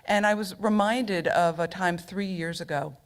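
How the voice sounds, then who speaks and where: A woman's voice: lowish voice, moderate pace. A middle-aged woman telling a personal story on stage at a local storytelling event, humorous and chatty, full of asides.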